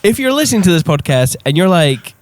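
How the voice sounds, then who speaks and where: Lively, animated podcast host. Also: male voice, high voice, a little fast, faint music behind. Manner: excitable, swears freely, laughs often. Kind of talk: casual podcast chat.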